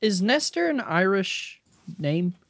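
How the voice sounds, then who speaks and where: A young man co-hosting a podcast in casual chat, goofy and excitable, laughing a lot. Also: high-pitched, takes it slowly, vocal fry, a little hiss or hum. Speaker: podcast co-host.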